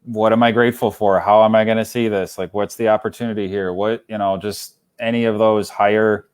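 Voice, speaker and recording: A man's voice: on the low side, flat delivery, a little fast, clear, resonant tone. Male interview guest, earnest, motivational, casual delivery.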